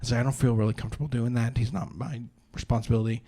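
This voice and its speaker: A man's voice: mid-range voice, fairly even intonation, racing, dark tone, slightly rough. A young man doing live stand-up comedy at a brewery show, telling rambling self-deprecating stories with lots of "uh" and restarts.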